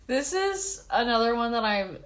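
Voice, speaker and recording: A woman's voice: on the high side, big pitch swings, moderate pace. A young woman co-hosting a casual chat, joking and giggling. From Minnesota, USA. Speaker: podcast co-host.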